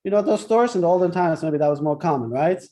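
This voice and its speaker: A man's voice: fairly high pitch, fast, warm tone. A man teaching a Torah class in a chatty, interactive way, telling jokes and often checking in with "right?". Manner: chatty, keeps asking "right?", tells jokes.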